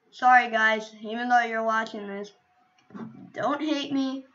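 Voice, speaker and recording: A woman gaming streamer with a high, bright, sharp voice chats to viewers in a silly, wandering way. She talks slowly and drifts between jokes and asides. The sound is dull and lo-fi, as from a cheap computer mic. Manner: playful, rambling, silly asides. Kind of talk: casual gameplay chatter.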